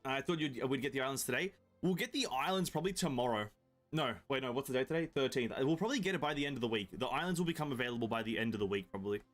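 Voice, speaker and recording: A man's voice: mid-range voice, animated, racing, soft background music. A man from Europe streaming a video game, chatting casually with his viewers, swearing freely and bantering with them. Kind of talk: casual live-stream chat while playing.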